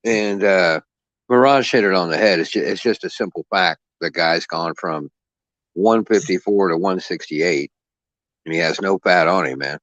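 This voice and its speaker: Low-voiced man on a dull lo-fi call. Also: a bit bright, no echo. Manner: halting, repeats his question insistently. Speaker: guest caller. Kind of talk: casual debate.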